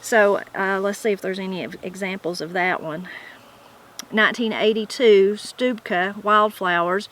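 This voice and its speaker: A woman's voice: medium pitch, fairly even intonation, unhurried, a bit bright, rough recording. A middle-aged woman with a Southern Appalachian accent, chatting casually as host and reading aloud from old sources. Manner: chatty, folksy, self-correcting while reading aloud. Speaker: channel host. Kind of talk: casual talk and reading from a dictionary.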